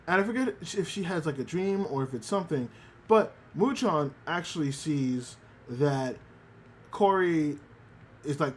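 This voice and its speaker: A man casually recapping an anime on a livestream, acting out the characters' lines with lots of fillers. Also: on the high side. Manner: animated retelling, acts out quoted lines; many fillers, excited. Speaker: streamer.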